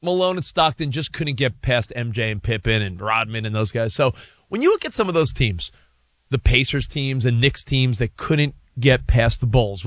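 Animated man posing sports hypotheticals. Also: mid-range voice, dry recording, studio quality. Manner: animated, poses long rambling hypotheticals. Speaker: sports show co-host. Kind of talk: casual sports debate.

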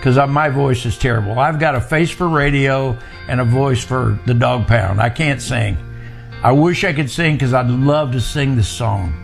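A man's voice: medium pitch, vocal fry, soft background music. An older man telling a personal faith testimony in a plain, earnest way. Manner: plain, earnest storytelling, slow at times. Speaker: guest storyteller.

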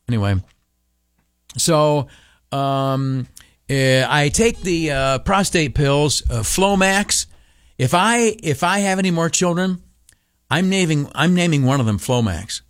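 Older guy riffing on the radio, pitch jumps all over, slightly high voice. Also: takes it slowly, no echo, studio quality. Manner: animated, acts out dialogue in raised voices. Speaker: radio commentator. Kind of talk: humorous storytelling monologue.

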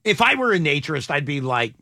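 Male radio host, high voice, bright tone, playful joking questions, studio mic. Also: big pitch swings, fast, no room sound. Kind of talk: morning radio talk.

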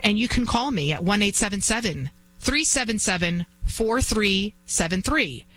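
A woman in her forties hosting a talk radio show, telling a story in an indignant, animated way. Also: medium pitch, normal speed, a little hiss or hum, rough recording. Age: 40s.

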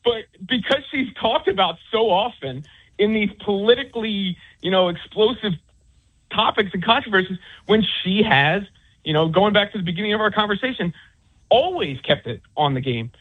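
A man's voice, slightly raised in pitch and husky, comes down a tinny phone line. He is a sports writer answering interview questions, circling his point with restarts, fillers and stacked examples. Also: sing-song, moderate pace. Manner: rambling, many restarts and fillers. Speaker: author and sports commentator.

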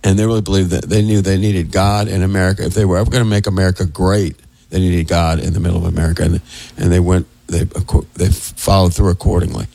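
A man's voice: low voice, flat delivery, fast talker, vocal fry, dark tone, no echo, low-quality recording. A man who is a minister and radio co-host, talking casually in a rambling, digressive way with chuckling asides, speaking into a studio microphone.

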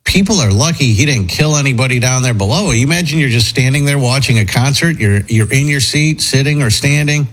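A man's voice: medium pitch, brisk, few pauses, slightly rough, low-quality recording. A man hosting a morning radio show, talking casually in a rambling, speculative way. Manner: rambling, speculative, animated storytelling.

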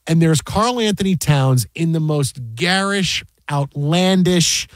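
A man's voice: a little high, unhurried, no room sound. A man hosting sports talk, rambling and emotional, with many restarts. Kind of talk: excited sports talk chat.

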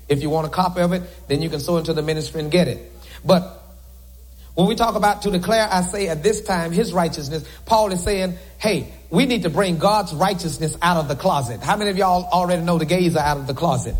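A man's voice: fairly high pitch, fast. A man preaching a sermon to a congregation from the pulpit, with joking asides to the crowd. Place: church sanctuary.

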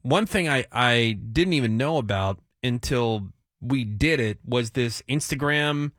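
A man's voice: medium pitch, dry recording, clean studio sound. A man hosting a radio show, chatting casually with his co-hosts and taking calls and texts. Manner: relaxed, chatty, quick asides. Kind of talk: casual morning radio chat. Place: radio studio. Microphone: studio microphone.

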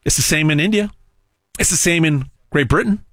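A man delivering an emphatic, repetitive sales pitch monologue as host. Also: normal speed, fairly bright tone, no echo, clean studio sound.

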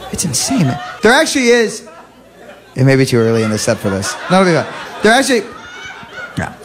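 A man performs stand-up on a club stage, his pitch slightly high and swinging widely as he slips into mock-preachy impressions. Audience laughter breaks in now and then. A faint hiss of noise sits behind him. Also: wildly swooping pitch, a little fast, a faint crowd. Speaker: stand-up comedian. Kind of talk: stand-up comedy set.

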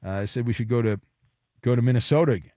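A man's voice: medium pitch, racing, dark tone, no room sound, studio quality. A man hosting a sports talk radio show, teasing his callers with jokes. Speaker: radio host. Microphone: studio mic.

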